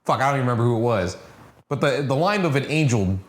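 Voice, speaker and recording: A man's voice: medium pitch, expressive, fast. A man co-hosting a casual podcast, rambling loosely and swearing. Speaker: podcast co-host. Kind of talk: casual chat.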